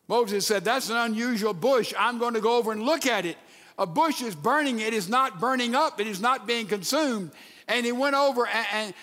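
A man preaching a sermon with emphatic delivery and dramatic pauses. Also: very high-pitched, a bit bright, in a large hall. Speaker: pastor.

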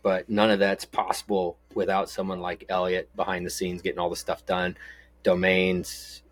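A man's voice: low-pitched, completely flat delivery, moderate pace, dry recording. A middle-aged man from Texas, co-hosting a podcast in casual, rambling chat full of stories and jokes. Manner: rambling, storytelling, jokey. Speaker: podcast co-host.

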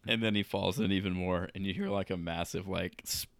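A man's voice: sits low, steady tone, fairly quick, vocal fry, no room sound. A man in casual chat, recapping sitcom moments, laughing often and quoting lines with lots of "like". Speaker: podcast co-host.

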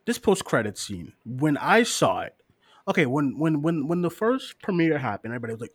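Guy co-hosting a live stream, swings his pitch all over, swears a lot, dry close sound. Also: fairly quick, husky, no room sound. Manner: animated, profane, laughs often, mocking voices. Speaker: podcast co-host reading listener questions. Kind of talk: casual live-stream chat.

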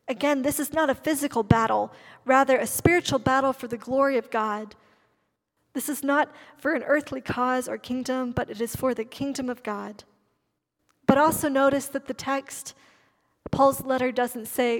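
A woman's voice: high-pitched, steady tone. Woman preaching emphatically in an echoing hall. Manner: emphatic, stresses key words with slowed delivery. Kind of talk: sermon.

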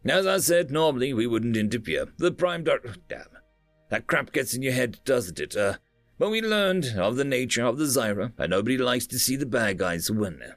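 A man's voice: mid-range voice, animated, normal speed, no echo, soft background music, natural voice. A man voicing a friendly, wry alien speaking over the ship's comms in a casual, chatty way.

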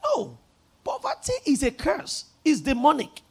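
A man with a Nigerian accent preaching a sermon as pastor, emphatic, leading the congregation in repeating lines and rising to shouts. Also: extremely high pitch, huge pitch swings, unhurried, creaky.

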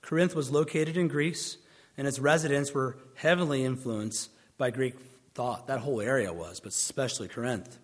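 Here a man preaches at normal speed with a medium-pitched voice, keeping the tone conversational. He slips in dry, sardonic comments and mocks his questioners by imitating their voices.

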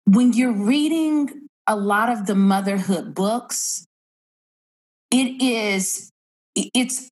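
Slow-talking enthusiastic woman co-host. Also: mid-range voice. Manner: warm-hearted, enthusiastic, affirming. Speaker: podcast co-host. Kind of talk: casual chat.

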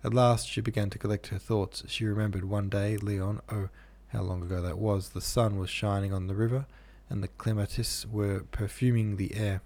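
A man narrating a classic novel aloud in a measured, even manner. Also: fairly low pitch. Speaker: audiobook narrator.

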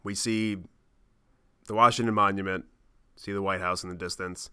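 A man's voice: sits low, steady tone, normal speed, bright, forceful tone, smooth. A man hosting his podcast, telling a travel story in a casual, profane, self-mocking way. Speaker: podcast host.

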